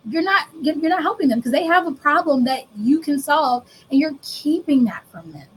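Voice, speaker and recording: In poor audio with slight background noise, a woman business coach and speaker runs a workshop at normal speed, her voice a bit higher than most. She stays conversational and animated, regularly acting out playful exchanges with her clients.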